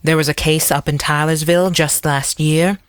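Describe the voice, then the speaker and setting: A narrator voicing a calm, smooth-talking man with a melodious, controlled voice who argues like a lawyer in an audiobook. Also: mid-range voice, moderate pace, dry recording, clean studio sound, natural voice. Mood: lawyerly.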